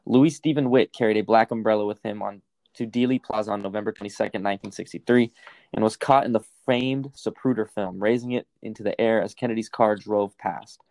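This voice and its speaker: Fast-talking, cursing young man. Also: on the low side, fairly even intonation, vocal fry, darkish tone, dry recording. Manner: swearing, rambling storyteller. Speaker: podcast co-host. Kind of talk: casual chat reading facts aloud.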